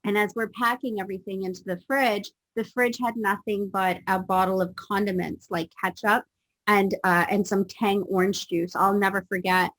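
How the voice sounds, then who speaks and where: A woman guest telling a personal story in conversation, animated and acting out the voices in it. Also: mid-range voice, normal speed, dry recording, low-quality recording. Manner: animated, acts out voices in her stories. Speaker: guest speaker.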